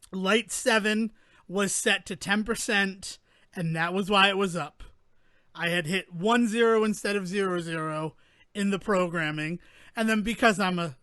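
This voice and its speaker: A man's voice: high voice, sharp tone, no room sound. A man co-hosting a podcast, chatting casually with lots of filler words. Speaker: podcast co-host. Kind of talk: casual chat.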